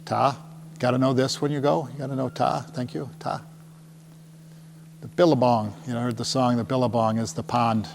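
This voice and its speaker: A middle-aged man, mid-pitched, speaks casually to a small crowd in a meeting room, joking and checking in with his listeners. His voice rings with a long hall reverb, and a faint hum sits underneath. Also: flat delivery, normal speed, gravelly. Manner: jokey and chatty, often asks the crowd "right?". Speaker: tour company presenter. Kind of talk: casual presentation to a live audience.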